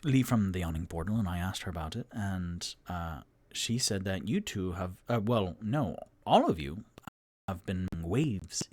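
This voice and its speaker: Man doing a polite young noble, soft, halting, low voice, slow, tabletop game. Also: lively intonation, no room sound. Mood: congratulatory.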